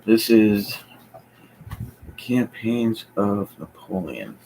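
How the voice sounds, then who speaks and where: Deep-voiced man rambling on a live stream. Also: big pitch swings, extremely slow, vocal fry, warm tone, a little hiss or hum, low-quality recording. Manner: rambling, hesitant, thinking aloud with many fillers. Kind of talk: casual live-stream chat. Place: home basement.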